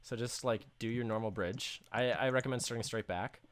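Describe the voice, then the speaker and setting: A man co-hosting a casual gaming podcast, reacting with quick remarks and frequent laughs. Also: medium pitch. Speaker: podcast co-host. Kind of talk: casual chat while gaming.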